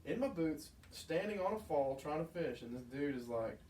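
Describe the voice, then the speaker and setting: A man's voice: fairly high pitch, animated, normal speed, mellow. A man co-hosting a podcast, telling stories with heated, profane outbursts. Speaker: podcast co-host. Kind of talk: casual chat. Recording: roomy, distant mic, faint noise.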